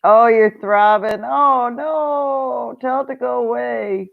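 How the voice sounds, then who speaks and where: A chatty woman hosts a casual livestream and greets her viewers by name. She talks at an unhurried, slow pace and laughs often. Her voice comes through thin and tinny, like a phone line. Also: a little high, vocal fry. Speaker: livestream host.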